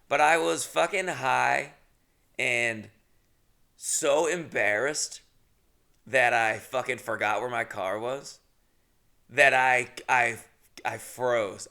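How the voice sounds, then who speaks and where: A young man tells a rambling comic story as a podcast host, cursing freely and laughing at his own blunders. His voice is bright and forward, with a gravelly fry running through it. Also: mid-range voice. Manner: rambling, swears a lot, laughs at himself. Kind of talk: casual comedic storytelling.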